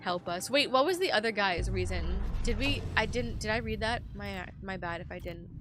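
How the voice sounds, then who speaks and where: A woman streaming a video game, commenting live and reading the game text aloud, animated and joking, swearing freely. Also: medium pitch, moderate pace, background noise. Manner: animated, swears freely, jokes and reacts loudly.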